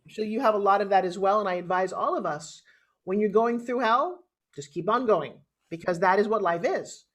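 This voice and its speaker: A woman's voice: medium pitch, a little fast. A middle-aged woman with a New York accent, a motivational speaker telling her life story as a podcast guest. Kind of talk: interview storytelling.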